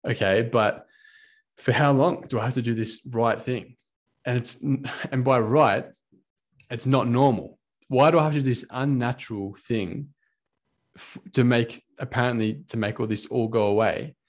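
A man's voice: medium pitch, steady tone, a little slow. A man, a fighter ranting casually and swearing freely. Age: 20s. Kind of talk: casual monologue.

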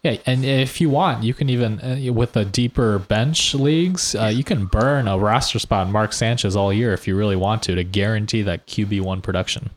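A man's voice: lowish voice, moderate pace, few pauses. A man co-hosting a casual sports podcast, talking loosely with jokes and laughter. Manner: loose, laughing, joking banter. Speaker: podcast co-host.

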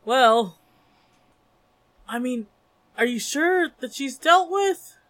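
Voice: high voice, animated, takes it slowly, fairly bright tone, heavily acted. A player voicing a polite investigator who asks hesitant, formal questions. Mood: doubtful.

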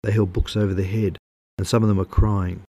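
A man narrating a story in a steady, measured reading voice. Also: lowish voice, slightly rough, no room sound.

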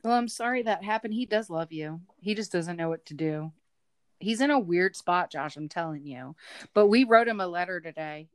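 A woman and mother co-hosting a casual family podcast, teasing and quick to argue. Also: fairly low pitch, animated, smooth, no room sound, clean studio sound.

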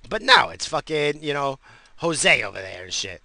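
Gravelly, bright-voiced ranting podcast man. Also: medium pitch, animated, a little fast. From family from the Azores. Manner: rambling, swears constantly, stammers on restarts. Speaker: podcast host. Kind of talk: profane casual rant.

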